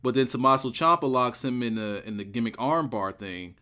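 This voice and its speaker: A man giving a casual solo video review of a wrestling show, excitable and rambling, repeating words for emphasis. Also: mid-range voice, a little fast, smooth.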